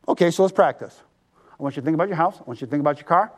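An animated male pastor preaching to his congregation, coaxing people to repeat lines and answer back. His voice sits a little high and swings widely in pitch. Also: rapid-fire. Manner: animated, drawing the congregation to respond. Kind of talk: sermon.

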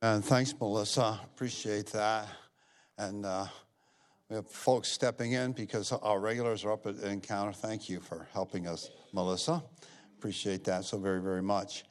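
A man's voice: fairly low pitch, fairly even intonation, normal speed. A middle-aged man speaks from the front of a church as pastor. He is folksy and loose, repeats himself, and grows livelier when he retells a scripture story. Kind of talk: church service announcements and offering talk. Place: church sanctuary.

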